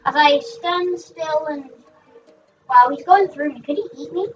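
A young gaming host rambling through excitable let's play commentary, shrieking at what happens in the game. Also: high voice, unhurried, a little hiss or hum. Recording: dull, distant mic with faint music.

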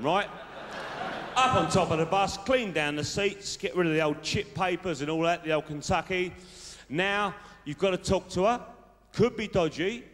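A man plays a cocky South London lad handing out dating tips, chatty and sure of himself. His voice sits a little high. Long hall reverb and faint noise come from a live theatre show. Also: close to an everyday voice. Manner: boastful, chummy, tag questions. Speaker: stand-up comedian in character. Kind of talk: live stand-up character monologue. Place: large theatre stage with audience.

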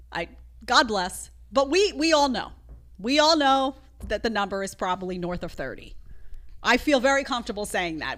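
A woman's voice: high-pitched, big pitch swings, normal speed, fairly bright tone. A woman hosting a live show, reacting to clips in an emphatic, opinionated way and talking straight to her chat.

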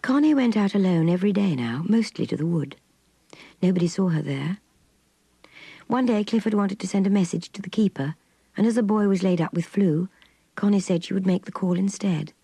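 A woman reading a novel aloud, expressive and soft, voicing a troubled young lady. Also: mid-range voice, a little fast, husky, dry recording. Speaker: narrator. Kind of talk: audiobook reading.

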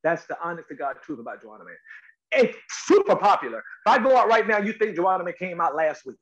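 A middle-aged male actor, a guest on a talk show, tells stories in a lively, emphatic way and acts out quotes. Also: high voice, fast. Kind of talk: animated interview storytelling. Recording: slightly dull lo-fi audio.

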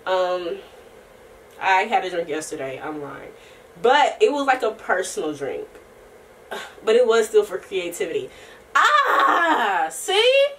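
A young woman vlogging in a casual, rambling chat to camera, slangy and profane, often laughing and sometimes breaking into soft singing. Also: fairly low pitch, lively intonation, a little slow, pauses often, distant mic, slight background noise.

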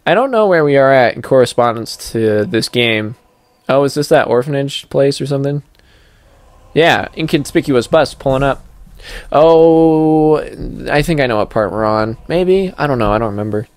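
A man's voice: mid-range voice, expressive, normal speed, no room sound. A young man giving casual let's-play commentary as he plays, chatty and goofy with playful sing-song asides. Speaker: gameplay commentator.

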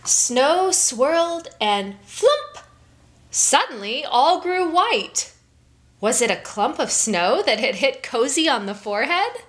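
A woman hosting a children's story time, reading a picture book aloud in an expressive, unhurried storytelling manner. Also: sits high.

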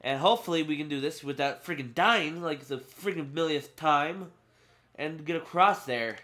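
A man's voice: a little high, normal speed, sharp tone. A teenage boy giving casual let's play commentary, talking to his viewers, getting frustrated and swearing. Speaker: gaming channel host. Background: game music.

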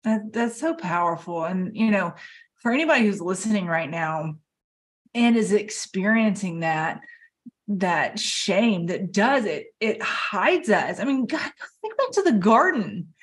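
A woman's voice: mid-range voice, lively intonation, unhurried. A middle-aged woman hosting a podcast interview, chatting casually and encouraging her guest. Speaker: podcast host.

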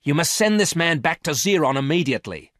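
A man's voice: medium pitch, sing-song, unhurried, no echo, studio quality, pitched above the performer's own voice. A man reading a story aloud and voicing an angry young woman who barks orders sharply and coldly. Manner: sharp, cold, commanding.

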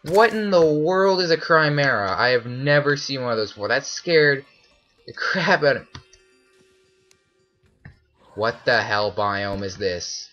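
A man's voice: mid-range voice, animated, unhurried, long pauses, lo-fi sound, soft background music. A man commentating his own gameplay, easily startled and often yelping in alarm. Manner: jumpy, often shouts in alarm. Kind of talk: let's play commentary.

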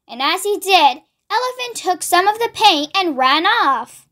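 A woman's voice: very high-pitched, big pitch swings, a little slow, a bit bright. Young woman reading a picture book aloud. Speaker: storybook read-along host. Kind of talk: children's read-aloud narration.

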